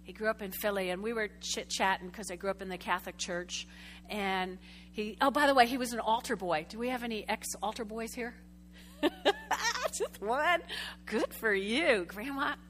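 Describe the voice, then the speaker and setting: A woman preaching a sermon to a congregation, telling a story with lively, chatty asides and questions to the room. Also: medium pitch, brisk, a little hiss or hum. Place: church sanctuary before a congregation.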